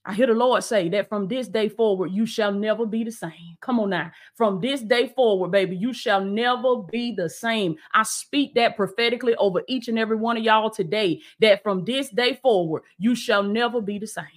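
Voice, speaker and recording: A woman's voice: mid-range voice, normal speed, few pauses. A woman coach and preacher on a live stream, greeting viewers and preaching, exuberant and repetitive. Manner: exuberant, repeats lines, calls viewers "baby".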